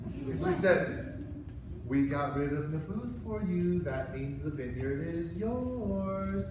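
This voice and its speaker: A man playing a whiny, childish grown king in an excitable first-person Bible story skit for children. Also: on the high side, slow pace, pitched below the performer's own voice. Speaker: children's church presenter. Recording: echoey hall, far from mic, noisy.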